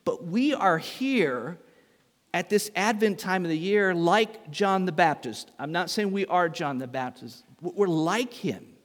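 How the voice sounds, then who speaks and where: A middle-aged male pastor preaches in a lively, storytelling way, poking fun at himself and acting out the voices in his tale. His voice sits somewhat high for a man. A long reverb from a large hall trails behind his words. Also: a little slow. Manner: animated, acts out voices in his story, self-mocking humor. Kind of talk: storytelling sermon.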